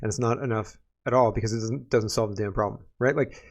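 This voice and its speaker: Gravelly sarcastic man ranting. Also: on the low side, fairly even intonation, fast. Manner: sarcastic, ranting, laughs often. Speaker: political commentary host. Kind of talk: casual political commentary.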